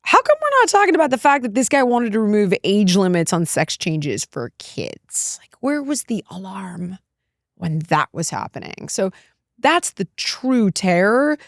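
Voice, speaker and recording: A woman's voice: mid-range voice, big pitch swings, a little slow, dry recording, clean studio sound. A middle-aged woman from the United States, a guest speaking candidly and emphatically in an interview, often breaking into laughter. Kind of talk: candid political talk.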